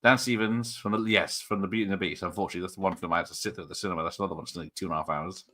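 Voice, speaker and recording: A man's voice: deep voice, fairly even intonation, very fast, pushed and bright. A man hosting a casual film watch party online, joking and rambling with frequent laughs. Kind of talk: casual chat over a film.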